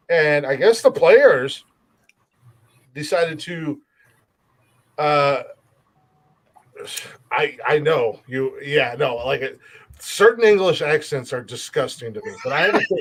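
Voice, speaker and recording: A man's voice: fairly high pitch, fairly bright tone. A man hosting a comedy podcast, swearing freely and laughing often. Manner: profane, laughs often, repeats words for jokes. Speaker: podcast host. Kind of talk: crude comedic banter.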